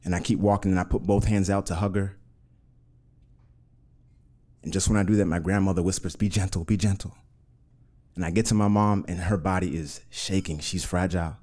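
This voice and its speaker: A man telling a personal story on stage in an earnest, measured way, in vivid present tense. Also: sits low, fairly even intonation, dark tone. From Uganda.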